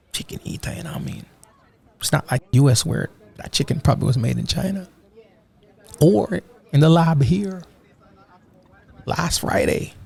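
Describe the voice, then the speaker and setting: A man's voice: mid-range voice, gravelly, darkish tone, slightly rough. A Jamaican man from Ocho Rios chatting casually about a trip, slipping into patois and repeating "you know what I mean". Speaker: vlogger. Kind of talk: casual travel chat.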